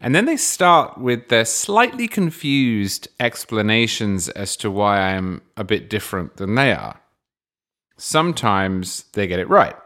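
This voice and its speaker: English guy hosting his podcast, lowish voice, dry jokey tone. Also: big pitch swings, a little slow, bright, forceful tone. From England. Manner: wry, dry humor. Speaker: podcast host. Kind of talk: podcast monologue answering listener questions.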